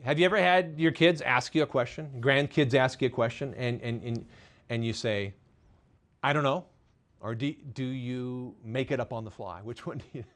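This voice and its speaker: Expressive man giving a live talk. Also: moderate pace. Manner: expressive, swings from loud and high to soft and low; candid and self-deprecating, with light humor. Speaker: presenter of a parenting and faith talk series. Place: radio studio with live audience.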